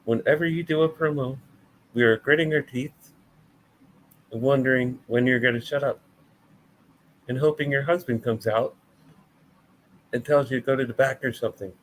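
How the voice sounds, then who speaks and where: A man's voice: mid-range voice, normal speed, long pauses, rough recording. Blunt, profane male reviewer. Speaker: wrestling show reviewer. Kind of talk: casual ranting review.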